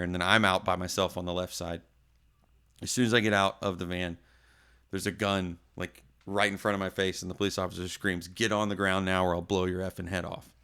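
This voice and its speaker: A lowish, smooth, resonant male voice with a bright, forceful edge. He is a podcast guest spinning a tour anecdote in casual chat, animated and playing the people in his tale. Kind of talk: casual storytelling.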